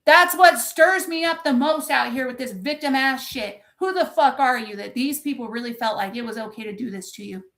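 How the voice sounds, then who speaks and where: High-voiced woman ranting on a livestream, swearing a lot, pumped up, talking back to chat. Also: normal speed, few pauses, a bit bright. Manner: intense, profane, impassioned; reads and answers chat. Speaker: motivational coach. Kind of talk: live-streamed pep talk.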